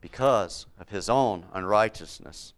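A man's voice: fairly low pitch, a little slow. A man preaching a Bible-teaching sermon, repeating key words for emphasis and putting questions to his listeners.

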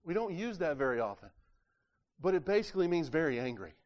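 Man preaching a sermon in church, fairly high voice, questions the crowd, acts out the scripture voices. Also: sing-song, fast talker, lo-fi sound. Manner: asks the congregation rhetorical questions; stumbles over words and repeats himself.

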